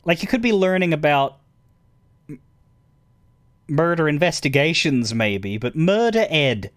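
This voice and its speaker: A man's voice: a little high, big pitch swings, measured pace. A man streaming a game, chatting casually in a rambling way, stammering and chuckling as he talks to his chat.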